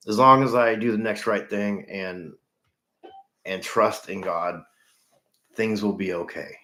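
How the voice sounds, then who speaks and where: A middle-aged man chatting with livestream viewers, earnest and halting, often repeating himself. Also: lowish voice, fairly bright tone. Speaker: livestream host in recovery. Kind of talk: casual livestream chat with viewers. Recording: echoey room.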